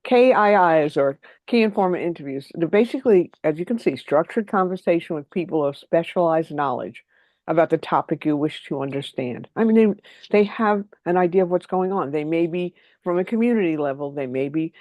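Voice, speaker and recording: A trainer giving an online workshop, talking quickly and keeping the audience involved by asking them for answers. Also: mid-range voice, no room sound. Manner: lively, quick and engaging, invites answers from the audience.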